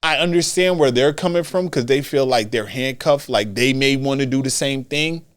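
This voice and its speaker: A man hosting a solo wrestling commentary podcast, talking in an animated way and repeating phrases for emphasis. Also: mid-range voice, moderate pace, clean tone. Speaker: podcast host.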